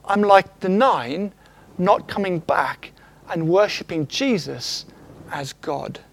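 A man's voice: high-pitched, slow, gravelly. A man preaching a sermon, acting out quotes and asking the congregation questions. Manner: animated, acts out quotes, asks the congregation questions. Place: church.

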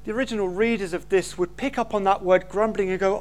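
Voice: medium pitch, fairly even intonation, fast, a little hiss or hum. Preacher giving a sermon, keeps throwing out rhetorical questions, emphatic delivery.

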